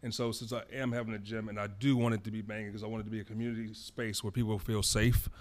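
A man's voice: fairly low pitch, flat delivery, fast. A man, a fitness trainer, speaking on a panel in a rambling, earnest way with many fillers. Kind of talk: panel discussion.

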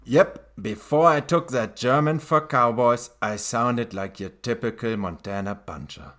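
A man voicing a drawling Montana cowboy who boasts and jokes slowly as a satisfied customer. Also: medium pitch, fairly bright tone, lightly acted. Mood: boastful. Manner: slow drawl, jokey.

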